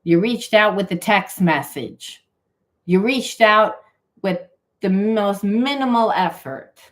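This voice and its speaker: A woman's voice: mid-range voice, takes it slowly. A woman doing a spiritual card reading, talking emphatically and acting out imagined dialogue between partners. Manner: repeats phrases for emphasis, loose run-on talk. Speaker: tarot reader.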